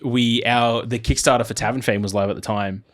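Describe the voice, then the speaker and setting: A man, a game store owner, co-hosting a podcast in a relaxed, chatty way. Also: medium pitch, brisk. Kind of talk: casual podcast chat.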